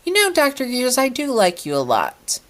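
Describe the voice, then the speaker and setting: A woman's voice: high voice, huge pitch swings, normal speed, voice pushed up. A woman reading a fan story aloud voices a playful, teasing non-binary young researcher who talks with a smirk.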